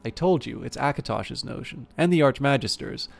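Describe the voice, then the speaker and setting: Man putting on a gravelly sardonic elf warrior. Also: medium pitch, expressive, normal speed, soft background music, voice pushed up. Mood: wry. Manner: sardonic, blustering oaths. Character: proud hot-tempered male elf warrior.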